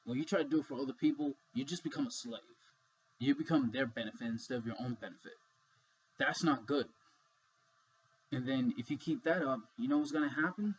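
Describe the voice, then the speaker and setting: A man with a husky voice talks straight to the camera in a loose, rambling monologue, swearing casually as he goes. The audio is dull and lo-fi, like a cheap webcam mic. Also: medium pitch, fairly quick.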